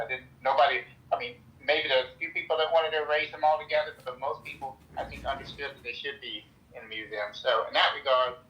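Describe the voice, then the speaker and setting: A man's voice: mid-range voice, highs cut off. An American man speaking earnestly in a casual discussion, with many restarts and "right?" asides. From United States. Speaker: guest speaker in an audio chat room.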